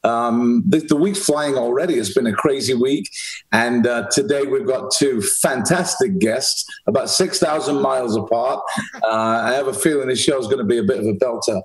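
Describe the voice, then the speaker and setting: A man's voice: mid-range voice, moderate pace, rough recording. A man from England, hosting a podcast interview in a chatty, upbeat way. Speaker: podcast host. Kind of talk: casual interview chat.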